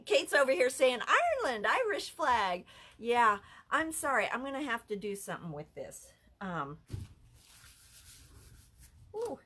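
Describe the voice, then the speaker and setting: Woman craft instructor, breathy, unhurried, chatty, live tutorial. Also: fairly high pitch, animated, fairly bright tone. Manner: chatty, self-deprecating, easily amused. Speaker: art instructor. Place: art center office.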